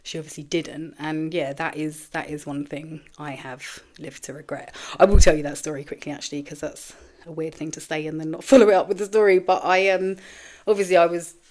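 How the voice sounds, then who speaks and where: A low-pitched woman speaks candidly in a personal monologue on her own show. She talks bluntly and swears freely, often breaking off and restarting her sentences. There is a tearful, emotional edge to her voice. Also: little pitch movement, brisk, a little mellow. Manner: frank and profane, with trailing restarts. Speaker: podcast host.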